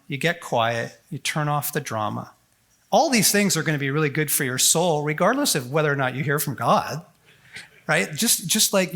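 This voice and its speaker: A man speaking at a conference on faith, animated and folksy, full of quick asides and acted-out prayers. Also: on the high side. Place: large conference hall.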